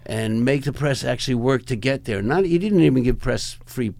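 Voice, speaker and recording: Older man with a gravelly voice telling stories. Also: medium pitch, moderate pace, a little mellow, no echo. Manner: rambling, chuckling, acts out other people's lines. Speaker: rock photographer, interview guest. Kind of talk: anecdotal storytelling in a conversation.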